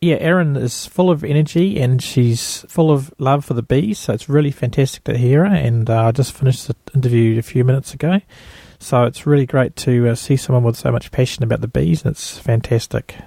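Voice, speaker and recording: A man's voice: mid-range voice, a little fast, creaky, few pauses, dark tone, dry recording, studio quality. A man hosting a casual podcast interview, chatty and upbeat, from New Zealand. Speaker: podcast host.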